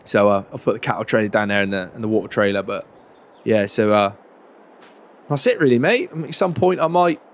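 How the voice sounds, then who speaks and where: A man's voice: on the low side, expressive, brisk. A middle-aged man chatting casually as a farmer character in a roleplay game, with a lot of fillers and plenty of "mate" and "proper chuffed".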